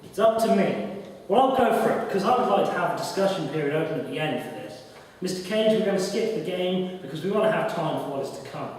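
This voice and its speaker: A man doing a courteous vintage game show host, inviting guests in with formal announcer phrasing. The voice sits high, and it rings with the long echo of a big room, heard from a distance. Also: animated, fast talker, a little mellow. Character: genial male TV quiz host, smooth and polite. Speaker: live performer. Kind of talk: reenacted 1950s TV game show hosting. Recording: echoey hall, mic far off.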